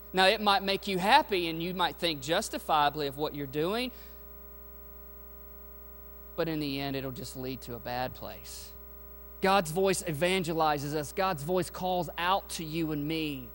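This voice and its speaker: A man's voice: fairly high pitch, unhurried, a bit bright. A man preaching as a pastor, with emphatic delivery and questions thrown to the congregation. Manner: emphatic preaching with call-and-response asides. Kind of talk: sermon. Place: church sanctuary. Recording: faint music and mains hum behind.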